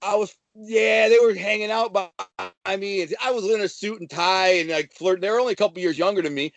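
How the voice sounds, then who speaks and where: A man's voice: high-pitched, fairly even intonation, a little fast, dry recording. A man telling a wild story in casual, brash, slangy talk. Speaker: guest telling prison-life stories.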